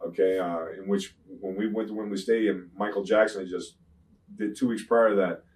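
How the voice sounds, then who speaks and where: An older man, a retired wrestler, telling rambling profane stories in an interview, often saying "you know what I'm saying" and getting loud when he retells fights. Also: on the low side, a little fast, far from the mic, low-quality recording. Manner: grows loud and animated when retelling confrontations. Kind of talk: shoot interview storytelling.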